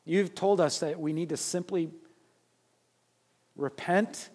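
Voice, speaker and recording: A pastor preaches a sermon with emphasis, his voice a little high and slow. He swings between loud urging and quiet asides, often repeating himself and restarting his words.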